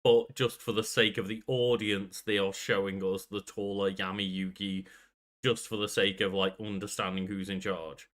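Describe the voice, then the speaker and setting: Bright-voiced, musing male podcast co-host. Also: lowish voice, level tone, normal speed. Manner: musing, laid-back, trailing sentences. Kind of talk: casual chat.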